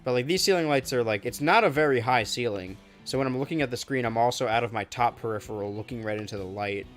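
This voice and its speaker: A man of ordinary pitch chats through a live gameplay stream, rambling and goofy, tossing out jokey asides as he plays. He talks from a room at home, with faint music playing under his voice. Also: fast. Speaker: game streamer. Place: home room with a low ceiling and bright ceiling lights.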